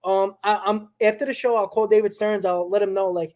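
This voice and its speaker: A man co-hosting a sports talk show, talking casually and haltingly with frequent restarts. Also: sits high, steady tone, a little mellow. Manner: halting, lots of restarts and fillers. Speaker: podcast co-host.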